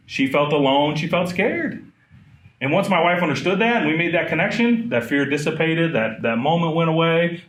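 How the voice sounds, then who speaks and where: A man in his thirties talks to a group in a lively, conversational way, checking in with them often. His voice sits a little high, and the room rings with echo. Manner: animated, conversational, asks the audience questions. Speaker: trauma trainer. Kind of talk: live training talk. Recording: echoey room.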